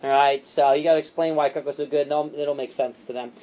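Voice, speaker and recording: A man training a sales team, animated and repetitive, acting out what to say to customers. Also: fairly high pitch. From Italian heritage. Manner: animated, fast and repetitive, acts out customer lines.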